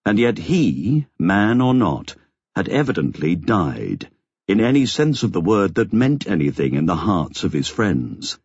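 A man narrating an audiobook in a measured, expressive storytelling manner. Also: low-pitched, slightly rough, no room sound, lo-fi sound. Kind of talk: scripted narration.

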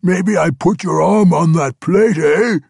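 A man voicing a hulking, angry male orc butcher who growls and shouts threats. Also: sits high, a little slow, gravelly, slightly rough, dry recording, clean studio sound, voice pushed up, exaggerated voice. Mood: menacing.

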